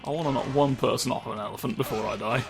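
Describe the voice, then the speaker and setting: Guy doing gravelly let's play commentary, jokey and sweary, game music loud underneath. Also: medium pitch, steady tone, fast talker. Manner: rambling, jokey, swears often. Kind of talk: casual gameplay commentary.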